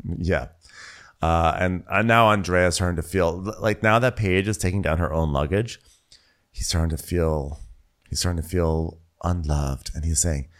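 A man's voice: deep voice, moderate pace. A man co-hosting a comedic TV recap, playful and laughing, acting out quotes. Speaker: podcast co-host.

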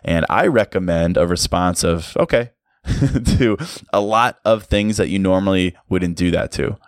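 Guy with a really low voice doing a chill solo podcast, lots of "like"s, dry close sound. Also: a little slow, no room sound. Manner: casual and reflective, many "like" fillers, light laughs. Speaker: podcast host. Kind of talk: solo motivational podcast talk.

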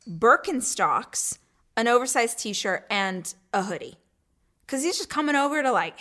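A woman in her thirties hosting her own talk show, telling a personal story in a chatty way with quick asides and laughs. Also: medium pitch, sharp tone. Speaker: host. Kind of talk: casual chat.

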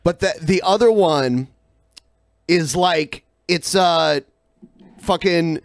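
A man's voice: on the high side, takes it slowly, dry recording, clean studio sound. A man co-hosting a podcast in loose comedic banter, now and then mocking trolls in a whiny put-on voice. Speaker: podcast co-host.

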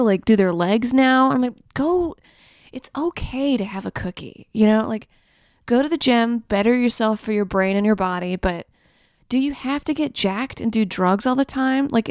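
Chatty high-voiced young woman, crude jokes. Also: fairly quick, darkish tone, smooth, dry recording, clean studio sound. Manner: rambling, crude, joking, chatty. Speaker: podcast co-host. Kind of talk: casual comedic monologue.

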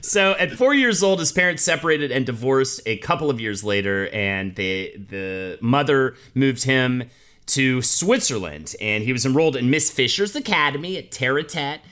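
A man hosting a casual podcast, reading a biography and joking along the way. His voice is bright and forceful, with lively swings in pitch. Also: normal speed. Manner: animated, joking. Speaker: podcast host.

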